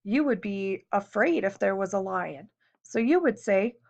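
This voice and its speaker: A woman's voice: mid-range voice, expressive, measured pace, gravelly, darkish tone. A woman teacher giving a recorded classroom lesson, explaining patiently step by step and posing questions to her students. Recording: dull lo-fi recording.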